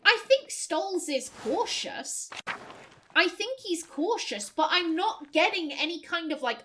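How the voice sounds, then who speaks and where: A woman's voice: very high voice, very animated, slow pace, a bit bright. A woman playing a story game, chatty and thinking aloud, often laughing as she reads dialogue. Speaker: let's play gamer. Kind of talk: game playthrough, reading dialogue aloud with commentary.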